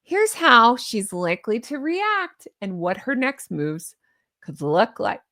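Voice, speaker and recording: A middle-aged woman hosting a casual chat, reading online posts aloud and reacting with sarcastic asides and animated remarks. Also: a little high, slow. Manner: chatty, animated, sarcastic asides and little sung bits.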